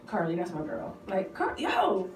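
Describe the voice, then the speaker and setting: A woman on a reality show chatting in a casual interview, telling animated stories with lots of laughter. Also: medium pitch, unhurried. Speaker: reality TV cast member, guest. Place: outdoors on the street. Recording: echoey, distant mic with street noise.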